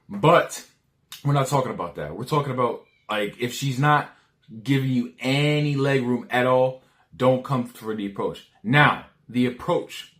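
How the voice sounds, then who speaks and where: A man with a medium-pitched, fairly bright voice rambles through dating advice, stumbling over restarts and repeated words. He leans heavily on slang and casual swearing and acts out lines of dialogue.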